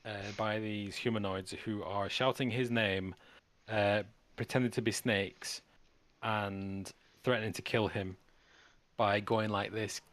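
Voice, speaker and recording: A man narrating as game master of a tabletop game, describing scenes in measured steps and pausing on fillers. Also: on the low side, steady tone, fairly bright tone.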